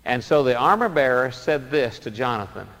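A male pastor preaching a sermon, telling stories dramatically and swinging between loud emphasis and soft asides. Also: mid-range voice, animated, moderate pace, long reverb tail.

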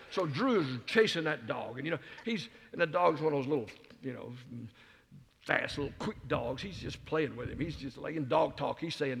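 A man's voice: a little high, fairly quick, creaky, breathy edge. Older man telling folksy sermon stories. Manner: folksy storyteller, self-mocking jokes. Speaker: guest speaker. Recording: reverberant hall.

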